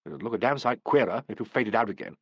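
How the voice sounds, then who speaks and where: A man's voice: lowish voice, lively intonation, fast talker, breathy edge, no room sound, lo-fi sound, voice pushed down. A man reading the part of a commanding, autocratic theatre actor-manager in a brusque tone.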